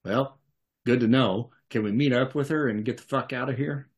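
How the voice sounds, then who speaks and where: A man's voice: medium pitch, moderate pace, close to an everyday voice. A man voicing a brash, foul-mouthed male criminal who talks bluntly and profanely. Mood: wary.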